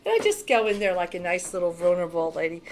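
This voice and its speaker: A woman's voice: lowish voice, big pitch swings, fast, very noisy. A woman spiritual reader talking casually to camera in a blunt, emphatic, heavily profane way.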